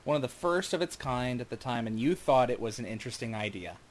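A man co-hosting a podcast in an animated, casual way. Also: mid-range voice, quick pace. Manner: animated, laughing often. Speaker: podcast co-host.

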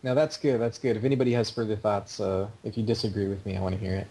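A man's voice: fairly low pitch, steady tone, quick pace, dark tone, slightly rough, low-quality recording. A man hosting a podcast, talking in a chatty, opinionated way. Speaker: podcast host. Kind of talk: casual podcast chat.

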